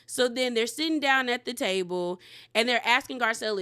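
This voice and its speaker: Brief: woman recap host, blunt and slangy, fairly high, bright and forceful voice. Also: brisk. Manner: candid, slangy, emphatic. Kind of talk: casual commentary.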